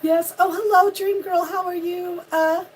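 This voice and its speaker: A woman hosting a casual morning live stream, hoarse and losing her voice from a cold, chatting and laughing at how she sounds while greeting viewers by name. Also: very high-pitched, steady tone, unhurried. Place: home on a windy ridge.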